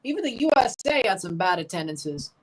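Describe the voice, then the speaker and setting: A woman's voice: lowish voice, big pitch swings, brisk, recorded from a distance. Woman chatting through a live match. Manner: chatty, calls plays in short bursts. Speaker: streamer hosting a live match watchalong. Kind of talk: casual live match commentary.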